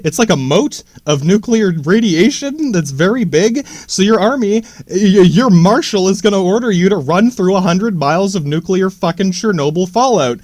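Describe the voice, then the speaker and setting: A man's voice: high-pitched, lively intonation, moderate pace, few pauses, darkish tone, no echo, studio quality. A man podcasting in a casual, rambling monologue, swearing freely, trailing off and restarting his sentences. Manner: profane, stammering restarts, slangy.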